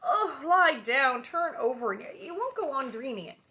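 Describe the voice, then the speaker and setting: A woman reading the lines of a sensible frontier mother who gently scolds her husband in a storybook. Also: mid-range voice, very animated, brisk. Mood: sleepy.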